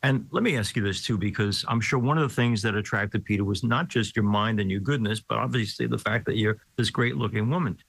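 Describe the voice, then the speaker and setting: Male host, middle-aged, low voice, dry close sound, chatty interviewer. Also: fairly quick, creaky, hardly any pauses, a bit bright, husky, no echo, poor audio. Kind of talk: conversational interview.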